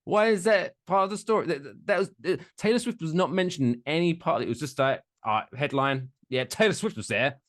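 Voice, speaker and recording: A man's voice: on the high side, lively intonation, fairly quick, hardly any pauses, fairly bright tone, dry recording, clean studio sound. A man co-hosting a podcast in casual chat, ranting with plenty of swearing. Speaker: podcast co-host.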